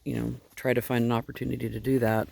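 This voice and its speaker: A woman sheep farmer with a husky morning voice, just up and chatting casually into a handheld phone outdoors at her barn, wandering off topic as she goes. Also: a bass voice, flat delivery, quick pace, a little mellow, a little hiss or hum. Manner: chatty and digressive, easily distracted. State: just woken up, yawning. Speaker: sheep farmer and fiber seller.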